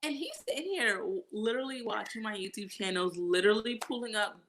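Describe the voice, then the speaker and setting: A woman chatting casually and telling a story with animated energy, acting out what others said to her and laughing along. Her voice has a bright, forward ring. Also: mid-range voice, brisk, a little hiss or hum. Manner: animated storytelling, acts out quotes, laughs often. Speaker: guest vlogger. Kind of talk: casual chat.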